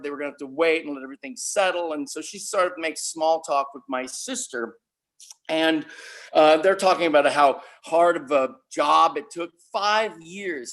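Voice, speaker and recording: A man performing a dark comic story at an open-mic night, building it deadpan toward a shock punchline. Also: a little high, low-quality recording. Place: small stage venue.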